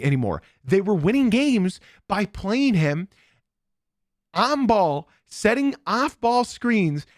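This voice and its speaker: A young man hosting a sports podcast, emphatic and animated, often repeating his lines for effect. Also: high voice. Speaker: podcast host.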